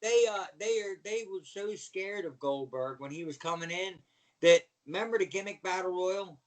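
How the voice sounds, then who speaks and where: Middle-aged man, high voice, animated profane storyteller, podcast guest. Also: normal speed, far from the mic. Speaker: guest, former pro wrestler. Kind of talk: storytelling in casual chat.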